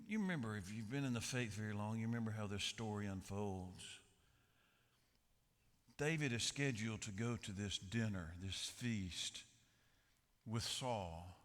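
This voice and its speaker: A man's voice: mid-range voice, fairly bright tone, big-room sound. A man preaching a sermon as pastor, joking and telling stories in a folksy way. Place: large church sanctuary.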